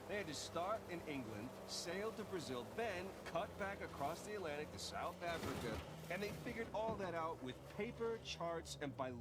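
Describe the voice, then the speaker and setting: A man's voice: high-pitched, expressive, moderate pace, very noisy. An actor playing a patient, adventurous male treasure hunter in video game dialogue. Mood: musing. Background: game music.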